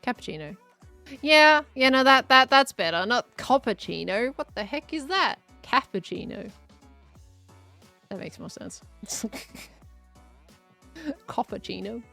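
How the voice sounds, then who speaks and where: A young woman streams and chats in a loose, rambling way, answering her chat and laughing easily. Her voice sits a little high. Quiet music plays faintly under her talk. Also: lively intonation, moderate pace, clean tone. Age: 20s. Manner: rambling, chatty, laughs often, reads chat aloud. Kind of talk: casual live-stream chat.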